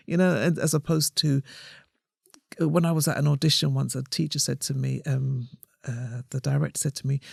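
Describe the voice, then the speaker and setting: A woman guest on a podcast, a comedian and playwright, telling animated stories and acting out what people said. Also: a bass voice, fairly quick, creaky, breathy edge, no room sound, studio quality. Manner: animated storyteller acting out voices. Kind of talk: casual podcast conversation.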